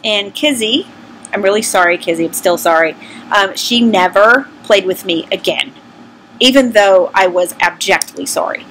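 A woman's voice: mid-range voice, moderate pace, a bit bright, slight background noise, low-quality recording. A middle-aged woman with a Southern US accent, candidly and self-deprecatingly telling personal stories to her vlog audience in a casual, conversational way. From American South. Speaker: vlogger.

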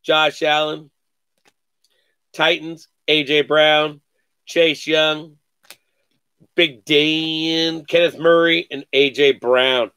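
A man hosting a live sports card break, calling out each card with excited slang and cursing. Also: a little high, clear, resonant tone, dry recording. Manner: excited, calls out cards rapidly with slang and cursing.

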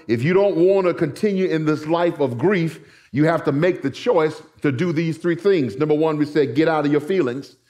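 A man's voice: fairly high pitch, a little mellow. A middle-aged male pastor preaching a sermon in church, telling stories with folksy asides to the congregation. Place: church sanctuary.

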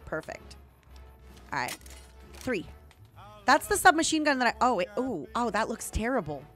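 A young woman streaming a video game, chatting casually with viewers in excitable bursts. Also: on the high side, normal speed. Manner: excitable, yelling and laughing bursts. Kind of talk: casual gameplay commentary. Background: game music.

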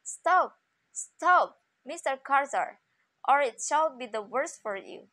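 A woman voicing a small, brave female sparrow in a storybook tale, calling out loud and scolding. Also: sits high, lively intonation, a little slow, voice pushed up.

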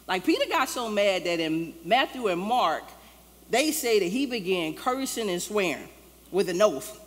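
A woman's voice: mid-range voice, big pitch swings, unhurried. A woman pastor preaching a sermon in a loose, conversational way, acting out the lines she quotes. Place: church sanctuary. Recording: long church-hall reverb, faint ambience.

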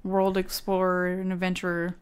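A woman co-hosting a podcast in casual chat, giggly and reacting with quick exclamations. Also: on the low side, monotone, clean tone. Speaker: podcast co-host.

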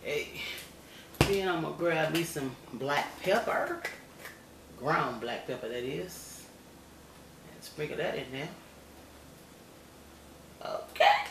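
An older grandmother talks through her home cooking in a folksy, chatty way, addressing viewers directly and checking in with them. Her voice sits at an ordinary pitch for a woman. It bounces around an echoey kitchen with loud noise behind it. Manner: folksy, chatty, keeps asking "okay?" and calls viewers y'all and baby. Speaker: home cook. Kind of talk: cooking demonstration vlog.

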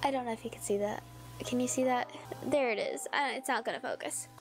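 A young woman from California chatting casually on a solo livestream, rambling and deadpan with self-mocking asides. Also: on the high side, brisk. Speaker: streamer. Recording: music playing behind.

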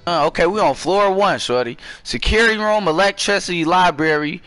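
Young guy yelling and cussing through a scary game, high bright voice, jumps all over the place. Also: a little fast, dry recording. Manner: profane, excitable, jumpy with screams. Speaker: gaming streamer. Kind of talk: horror gameplay commentary.

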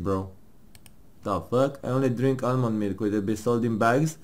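This man's mid-range voice has a darkish tone. He plays a game with his partner, reading its questions and answers aloud with mock seriousness, and he jokes, laughs, and swears along the way.

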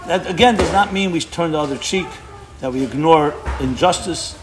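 A man's voice: on the high side, moderate pace, background noise. A man speaking as a rabbi, giving an impassioned sermon to an audience, emphatic and often breaking off to restart his words.

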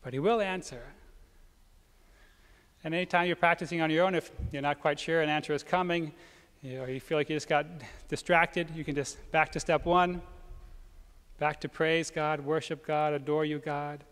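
A man gives a homily as a priest, speaking gently and haltingly and circling back over his own phrases as he guides prayer. His voice sits fairly high for a man. Long reverb from a large church trails each line. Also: steady tone, clear, resonant tone.

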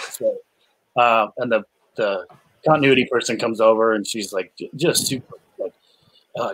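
A man, an actor guest, casually telling lively anecdotes from a film set with many fillers and restarts. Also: fairly low pitch, moderate pace, pauses often, husky, low-quality recording. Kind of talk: casual chat, animated anecdotes.

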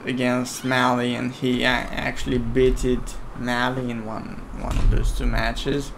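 A man whose first language is Romanian talks through a strategy game match at an unhurried pace. He chats casually and grows heated when arguing a point. A faint hiss sits under his voice. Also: medium pitch, monotone, creaky, fairly bright tone. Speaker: commentator. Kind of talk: casual gaming commentary.

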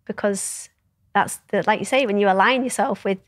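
A woman's voice: medium pitch, moderate pace, no echo, clean studio sound. A woman guest telling personal stories in an open, reflective way, swearing freely as she talks. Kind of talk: candid conversational storytelling.

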